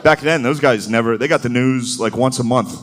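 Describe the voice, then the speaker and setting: This live club recording catches a comedian mid-set, with the crowd audible in the background. He speaks at a moderate pace in a medium pitch, staying loose and profane and dropping into mocking impressions as the audience laughs.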